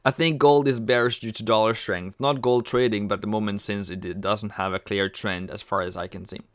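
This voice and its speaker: Dude streaming and chatting with viewers, joking around, crisp voice, dry close mic. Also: male voice, lowish voice, steady tone, fairly quick, no room sound. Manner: chatty, reads viewer comments aloud and jokes around. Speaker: trading livestream host. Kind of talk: casual live-stream chat.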